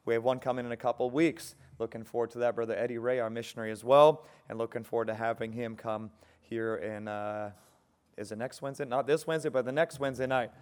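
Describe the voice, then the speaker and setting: Easygoing pastor making church announcements. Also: male voice, mid-range voice, fairly even intonation, clean tone. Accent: Californian. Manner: easygoing, halting, many fillers. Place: church sanctuary.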